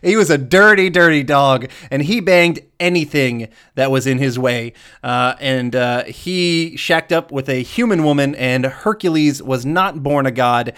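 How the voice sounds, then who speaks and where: A man co-hosting a casual podcast, animated and joking, laughing often as he talks. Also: mid-range voice, a little slow, hardly any pauses, clear, resonant tone. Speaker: podcast co-host.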